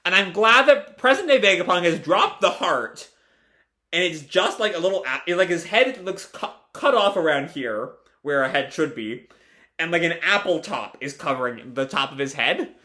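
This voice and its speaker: A man's voice: on the high side, very animated, normal speed, sharp tone. A man casually recapping a comic chapter in a live reaction video, talking with many fillers and restarts. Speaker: video creator.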